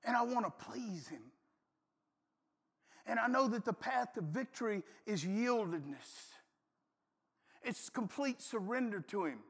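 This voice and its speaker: A middle-aged man preaching a folksy, animated sermon full of stories, sometimes shouting. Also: high voice, a little slow, long pauses, slightly rough. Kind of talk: sermon with storytelling. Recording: long hall reverb.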